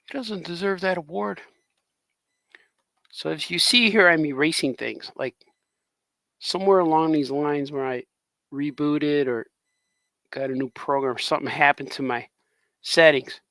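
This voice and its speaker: A man's voice: a little high, steady tone, normal speed, pauses often, pushed and bright, dry recording. A man chatting in a rambling way while drawing on a live stream as a cartoonist host.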